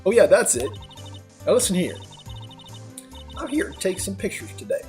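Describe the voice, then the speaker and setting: A streamer voicing a brash Southern woman photographer with a loud, folksy drawl and whoops, reading a game character. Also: medium pitch, big pitch swings, normal speed, soft background music, pitched above the performer's own voice, close to an everyday voice. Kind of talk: let's play character voice.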